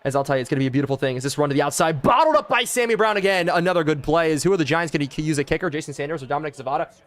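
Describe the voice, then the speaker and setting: Young man, game streamer, play-by-play, fairly high voice, excitable. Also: racing. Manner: excitable, shouting on big plays, thanks viewers. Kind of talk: live video game play-by-play with chat reading.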